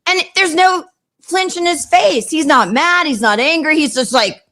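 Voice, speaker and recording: A woman with a fairly high voice tells a story in casual chat. She is animated and lively. She slips into the voices of the people in her story. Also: moderate pace. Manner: animated, acts out quotes of others. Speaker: storyteller guest.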